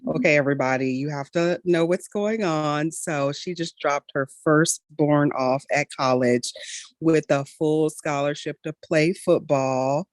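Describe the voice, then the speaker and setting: A woman with a notably low voice hosts a health podcast in an easy, upbeat chat. She cheers her guest on warmly and keeps things moving. The sound is dry and close, with no room around it. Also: a little slow, dry recording. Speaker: podcast host. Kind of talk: casual chat.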